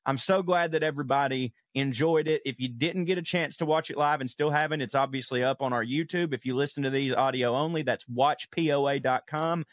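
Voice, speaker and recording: A man's voice: mid-range voice, a little fast, hardly any pauses, no echo. A man co-hosting a podcast, reading listener letters aloud in a loose, profane way with chuckles. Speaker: podcast co-host. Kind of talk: casual chat, reading listener mail.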